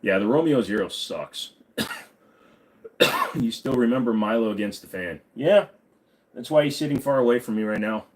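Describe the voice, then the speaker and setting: A man's voice: medium pitch, moderate pace, pauses often, a little mellow. A man hosting a casual livestream, reading viewer questions aloud and answering offhand with lots of ums and uhs.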